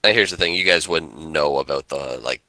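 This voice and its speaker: A man's voice: a bass voice, normal speed, bright, forceful tone, dry recording. A man playing a tabletop game, eagerly reading out the rules at length. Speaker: player.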